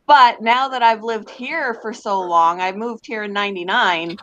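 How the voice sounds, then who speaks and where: A woman's voice: mid-range voice, moderate pace, fairly bright tone. Chatty Canadian woman on lo-fi voice chat. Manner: rambling, chatty, laughs easily. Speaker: voice chat participant. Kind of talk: casual chat.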